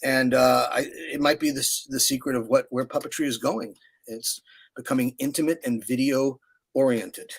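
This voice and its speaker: A man in his sixties, a puppeteer guest in a casual interview, telling stories in a rambling, animated way with many fillers. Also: mid-range voice, normal speed, vocal fry. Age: 60s.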